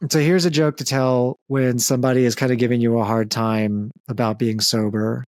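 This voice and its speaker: A man's voice: medium pitch, steady tone, normal speed, a little mellow, no echo. Loose, joking male podcast host. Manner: joking, loose, frequent fillers and profanity. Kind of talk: casual comedic chat.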